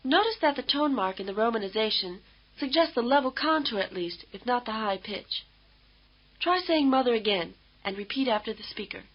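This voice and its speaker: A woman's voice: fairly high pitch, lively intonation, dull audio. Woman narrating an old language-course tape. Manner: measured, patient, explanatory. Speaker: language instructor. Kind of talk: scripted instructional narration.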